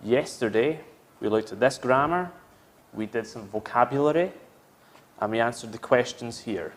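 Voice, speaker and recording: A man's voice: mid-range voice, lively intonation, moderate pace. A British man teaching English vocabulary, patiently modelling words for learners to repeat. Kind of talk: slow, clear classroom instruction.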